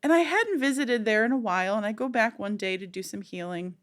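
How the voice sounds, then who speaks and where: A woman co-hosting a podcast, telling a long story in casual chat, animated and rambling with many fillers. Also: mid-range voice, brisk. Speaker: podcast co-host.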